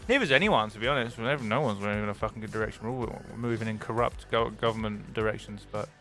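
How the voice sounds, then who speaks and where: A young British man chatting casually on a stream, excitable and swearing freely, swinging between loud enthusiasm and mock gloom. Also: lowish voice, fast talker, faint music behind.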